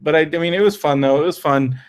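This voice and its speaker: A man with a somewhat higher voice co-hosts a casual podcast. He talks in loose, meandering sentences that wander from thought to thought. The tone is relaxed, everyday chat. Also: quick pace. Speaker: podcast co-host.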